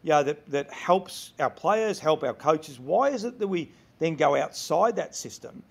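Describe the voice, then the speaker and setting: A middle-aged man with an Australian accent talks in a gravelly, creaky voice pitched a little high. He recounts his coaching years candidly as an interview guest, often restarting his sentences mid-thought. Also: animated, measured pace. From Melbourne, Australia. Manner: candid, anecdotal, frequent restarts. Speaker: former football coach, guest. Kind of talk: conversational interview storytelling.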